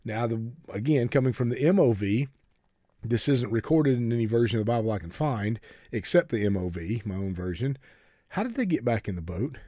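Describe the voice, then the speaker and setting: A man's voice: medium pitch, lively intonation, a little fast, dark tone, no room sound. Folksy earnest preacher man, dry sound. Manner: folksy, earnest, repeats words when starting sentences. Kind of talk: sermon.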